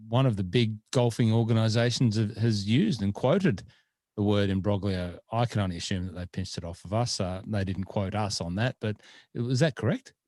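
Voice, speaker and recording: A man's voice: on the low side, moderate pace, darkish tone, no room sound. A man hosting a podcast, chatting casually and rambling with lots of fillers. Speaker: podcast host. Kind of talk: casual chat.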